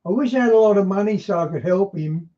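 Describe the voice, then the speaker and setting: A man's voice: high-pitched, fast, warm tone. A man commenting over a played clip and making dry asides to someone watching with him. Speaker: reaction commentator. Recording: muffled lo-fi audio.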